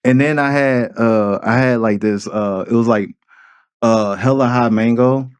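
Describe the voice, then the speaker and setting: A man's voice: mid-range voice, measured pace, clear, resonant tone, dry recording. A man telling a rambling story in casual podcast chat, full of fillers and laughing as he talks. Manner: rambling, filler-heavy, laughs while talking.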